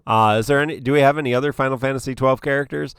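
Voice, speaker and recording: Smooth-voiced man co-hosting a podcast. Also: mid-range voice, fairly even intonation, fairly bright tone, no room sound, studio quality. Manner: meandering, halting with fillers. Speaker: podcast co-host. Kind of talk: casual podcast chat.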